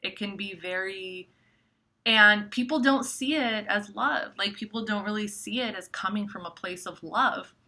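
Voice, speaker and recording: A young woman talking casually to camera, animated and profane, full of fillers like "like" and "you know". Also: mid-range voice, unhurried. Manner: animated, swears, many likes. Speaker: astrology vlogger.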